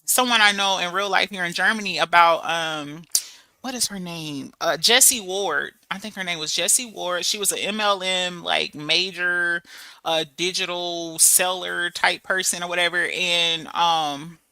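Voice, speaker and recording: Bright-voiced woman in her thirties chatting. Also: on the low side, unhurried, no room sound. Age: 30s. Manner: chatty, storytelling, animated with laughs and quoted voices. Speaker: channel host. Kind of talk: casual chat to viewers. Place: abroad in Germany.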